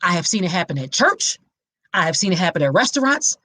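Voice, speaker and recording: A woman's voice: on the low side, very animated, quick pace, a bit bright, no echo. Woman podcast host, emphatic and preachy, talking straight to her audience, dry close sound. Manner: preachy and emphatic, addresses listeners directly. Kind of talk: impassioned awareness talk.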